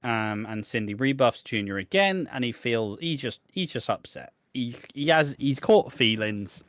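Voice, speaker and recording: Casting: man, mid-pitched, chatty and sweary podcast co-host, close dry sound. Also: animated, a little slow, a bit bright, no room sound. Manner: sweary, chatty, acts out quotes in mocking voices. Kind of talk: casual chat recapping a soap opera.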